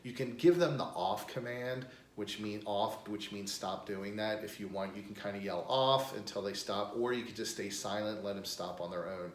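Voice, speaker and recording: A man's voice: lowish voice, moderate pace, hardly any pauses. An American man working as a dog trainer, plainly explaining crate training step by step and breaking into upbeat praise. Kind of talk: instructional demonstration. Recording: echoey room with faint noise.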